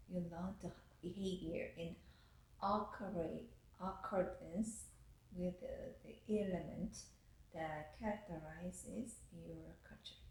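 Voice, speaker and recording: A woman professor giving a university lecture, pausing and restarting her phrases as she explains. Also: medium pitch, warm tone. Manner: slow, halting, restarts phrases. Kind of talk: recorded lecture. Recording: echoey room.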